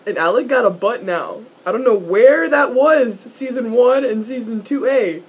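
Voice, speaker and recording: A young woman doing a casual, excitable fan recap of a TV episode, laughing, swearing and repeating herself as she rambles. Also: fairly high pitch, normal speed, slightly rough. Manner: excitable, swearing, giggly, trailing off and repeating words. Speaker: vlogger reviewing a TV episode.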